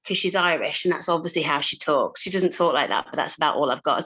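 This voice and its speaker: A woman's voice: deep voice, animated, quick pace, few pauses, pushed and bright, husky, poor audio. A woman coach talking casually to a group, chatty, with frequent laughs and fillers and casual swearing. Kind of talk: casual talk to a live group.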